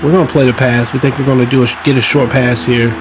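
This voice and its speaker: A man giving casual, chatty play-by-play of his own football video game, relaxed and self-mocking, now and then bursting out excitedly. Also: mid-range voice, fast, music in the background. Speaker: podcast host playing a football video game. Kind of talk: casual play-by-play commentary while gaming. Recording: game crowd noise behind the voice. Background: stadium crowd sound from the game.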